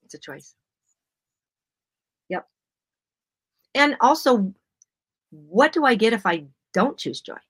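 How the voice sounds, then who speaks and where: A woman's voice: fairly high pitch, sing-song, slow, pauses often, breathy edge, dry recording. A woman co-hosting a casual faith-based podcast chat, earnest and encouraging, often acting out her own self-talk. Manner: earnest, encouraging, quotes herself aloud. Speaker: podcast co-host.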